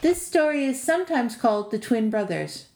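A woman voicing a composed young woman who tells stories, speaking calmly. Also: on the high side, moderate pace, reverberant, pitched above the performer's own voice. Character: gentle young woman storyteller.

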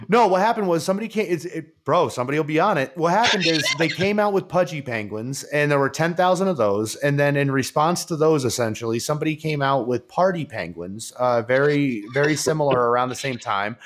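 A man hosts a podcast in loose, casual chat. He rambles and gets excited, piles up fillers and restarts, and swears freely. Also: on the high side, a little fast, few pauses, a little hiss or hum. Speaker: podcast host.

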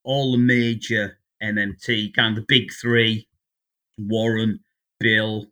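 Bright-voiced English man in his sixties. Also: on the low side, flat delivery, takes it slowly. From England. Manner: chatty, anecdotal storyteller. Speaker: guest economist. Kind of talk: casual interview chat.

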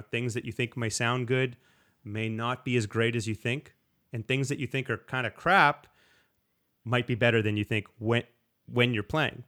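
Relaxed rambling guitarist man. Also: mid-range voice. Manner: relaxed, rambling, with frequent restarts and acted-out quotes. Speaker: slide guitarist guest. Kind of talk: casual interview talk.

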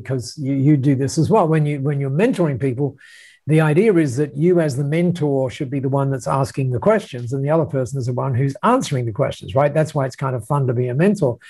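A man's voice: mid-range voice, dark tone, breathy edge. An Australian man telling a story as an interview guest, in a rambling way with many restarts and tag questions. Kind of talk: casual storytelling.

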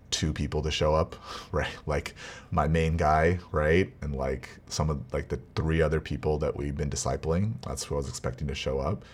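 A man telling a personal family story in a casual, rambling, earnest way. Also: extremely low pitch. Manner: rambling, earnest, with restarts and quiet laughs. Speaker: vlogger, father.

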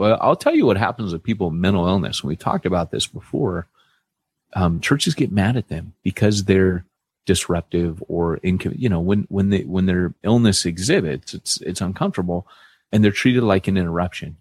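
A man's voice: moderate pace, slightly rough, no room sound. A man co-hosting a podcast in casual chat, telling stories animatedly and acting out other people in a raised voice. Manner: animated storyteller, acts out quoted people in a high voice. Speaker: podcast co-host, church planter.

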